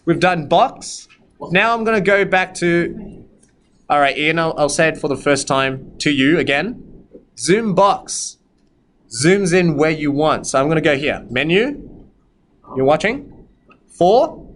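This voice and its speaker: A high-voiced male maths teacher, explaining calculator steps to a classroom. He talks plainly and sometimes turns stern, scolding the students at length. Faint classroom noise hangs behind him. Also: expressive, slow, long pauses, fairly bright tone, poor audio. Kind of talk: classroom lesson with calculator demo.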